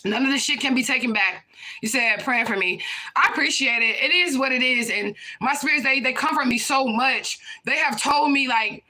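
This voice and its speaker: A young woman with a high, sharp voice speaks at normal speed while reading cards on a live stream. Her casual talk is blunt and full of swearing, and she punctuates her points with "okay?" and "period, point blank."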